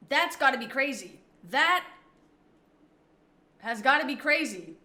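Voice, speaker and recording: Woman streamer, casual and rambling, with a bright, slightly high voice. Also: animated, measured pace, pauses often, reverberant. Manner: chatty, rambling reactions. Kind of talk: casual livestream chat.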